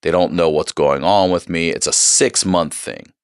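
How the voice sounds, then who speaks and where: A man in his forties with a remarkably low, deep voice, telling a personal story as a podcast guest. He talks candidly and swears freely, leaning hard on his words. The sound is close and dry. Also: moderate pace, clean tone, no echo. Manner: candid, profane, emphatic retelling. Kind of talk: casual storytelling.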